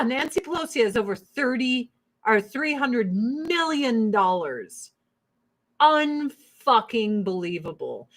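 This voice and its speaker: Woman streamer going off, lots of cussing, slow drawn-out delivery. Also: fairly high pitch, rough recording. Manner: profane, fiery, laughs often. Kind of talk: ranting livestream chat.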